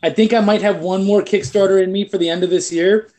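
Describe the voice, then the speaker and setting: High-voiced man telling a story. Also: quick pace. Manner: animated storyteller who swears freely. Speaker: comic book creator. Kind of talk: casual chat.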